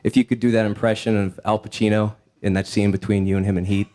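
A man's voice: lowish voice, level tone, quick pace, dark tone. Man hesitantly asking a favor. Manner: hesitant, polite request. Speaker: audience member asking a question.

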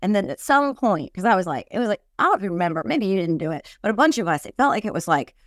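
A woman hosting a casual podcast chat, sarcastic and joking in quick riffs. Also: medium pitch, sing-song, no room sound, studio quality. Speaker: podcast host.

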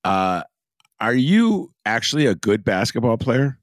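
A man's voice: medium pitch, big pitch swings, a little slow, no room sound, studio quality. A man hosting a casual interview, chatty and rambling as he asks his guests questions. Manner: chatty, rambling, self-described obsessive. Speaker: podcast host.

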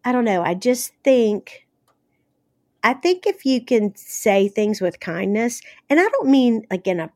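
A woman's voice: fairly high pitch, big pitch swings, a little slow, a little mellow, dry recording, clean studio sound. A woman from the American South, an author being interviewed, talking casually with blunt, salty humor and lots of fillers. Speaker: author guest.

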